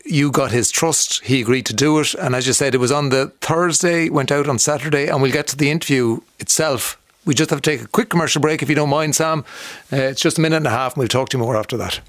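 A man hosts a radio talk show, easing into questions in a loose conversational manner. His pitch sits mid-range, and the studio sound is dry. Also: fast, a bit bright, no echo. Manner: conversational, prompting with questions, hesitant fillers. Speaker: radio host. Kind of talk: radio interview.

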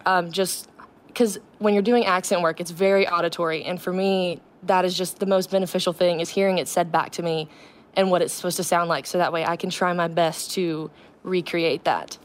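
A woman's voice: lowish voice, fairly even intonation, brisk. A woman actress speaking as a guest in a radio interview, earnest and eager with frequent ums.

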